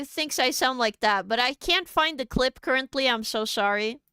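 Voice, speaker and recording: Young Norwegian woman, chatty streamer, bright dry voice. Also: fairly high pitch, clear, resonant tone, no room sound. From Norway. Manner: chatty and giggly, quick asides. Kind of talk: casual livestream chat.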